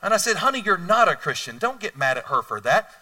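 A middle-aged man preaching a sermon as a pastor, telling stories animatedly and swinging between hushed and loud delivery. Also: high voice, big pitch swings, fairly quick, far from the mic.

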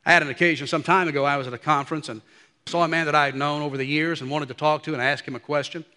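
Man, preacher, sermon, animated with sudden hushed drops, long hall reverb. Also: on the high side, very fast. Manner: animated, drops to a hush for quiet passages.

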